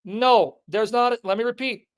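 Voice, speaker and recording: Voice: mid-range voice, moderate pace. Insistent speaker lecturing his viewers. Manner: emphatic, repetitive, insistent, addressing the audience directly.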